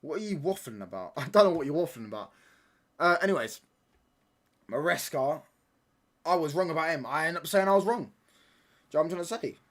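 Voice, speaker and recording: A man's voice: fairly high pitch, expressive, a little fast, long pauses, a bit bright. Rambling man bantering with chat. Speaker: livestream watchalong host. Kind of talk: casual chat with a live stream chat.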